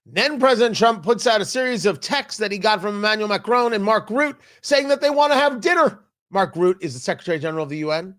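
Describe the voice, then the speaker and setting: A male talk show host with a fairly high voice that swings widely up and down. He argues his points with energy and acts out quotes with sudden loud bursts. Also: expressive, fast, hardly any pauses. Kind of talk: opinionated political talk.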